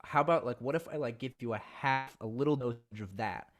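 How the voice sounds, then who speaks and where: Young male podcast guest, casual storyteller, animated delivery with laughs and acted-out quotes. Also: mid-range voice, fairly quick.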